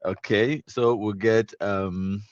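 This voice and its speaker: A man's voice: fairly low pitch, fairly even intonation, slow, dry recording, muffled recording. A man with a Cameroonian accent hosting a live stream, casually reading viewer comments aloud, mixing in Pidgin and laughing often.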